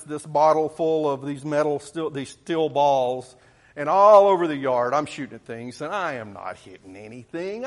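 Folksy preacher telling a story. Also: male voice, on the high side, normal speed. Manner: folksy, self-correcting storyteller. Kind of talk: sermon storytelling.

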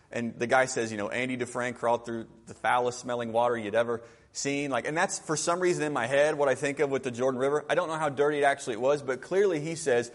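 A man preaching a conversational sermon, often asking his listeners questions. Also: fairly high pitch.

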